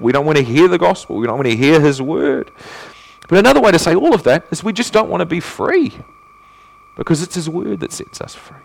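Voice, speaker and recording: Lively, earnest male pastor preaching. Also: a little high, gravelly. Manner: earnest preaching with rhetorical questions, swinging from emphatic to hushed. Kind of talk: sermon.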